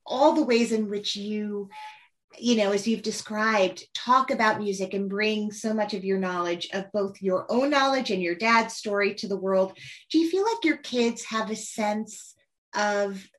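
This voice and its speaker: An unhurried woman with a mid-range voice hosts a conversational interview. She asks questions eagerly, reacts enthusiastically and keeps things warm with laughter.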